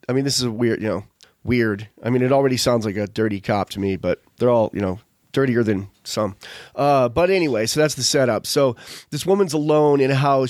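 A man talks in loose, rambling casual chat, drifting from one tangent to the next with plenty of fillers. His voice sits at an ordinary middle pitch. The sound is dry and close, with no room around it. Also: dry recording. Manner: rambling, digressive, frequent fillers. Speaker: podcast host.

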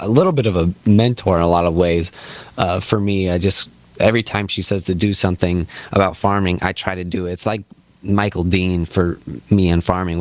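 A man with a lowish voice talks casually as a podcast co-host, halting often with fillers and restarts. The sound is dry and close, with little room. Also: no room sound. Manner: hesitant, many fillers and restarts. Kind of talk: casual chat.

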